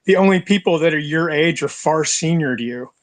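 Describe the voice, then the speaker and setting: A male podcast co-host muses casually and sounds amused. His voice is somewhat high, and the sound is dry and close. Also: a little fast, no room sound. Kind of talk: casual conversation.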